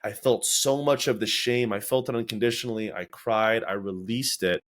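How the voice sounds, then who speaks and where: With a fairly low pitch and a normal speaking speed, a man hosts a casual podcast. He tells stories in a reflective but animated way, giving voice to his own inner thoughts.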